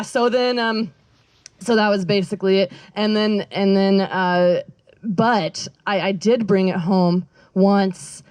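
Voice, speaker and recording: Recorded dry, a young woman's mid-range, darkish voice carries a rambling, self-interrupting story at an outdoor backyard stand-up show. The comedian giggles frequently as she goes.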